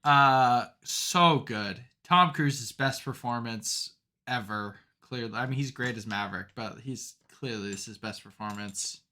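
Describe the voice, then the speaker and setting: Bright-voiced young man rambling casually. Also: mid-range voice, unhurried. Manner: rambling, filler-heavy, animated storytelling. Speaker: podcast co-host. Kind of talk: casual chat.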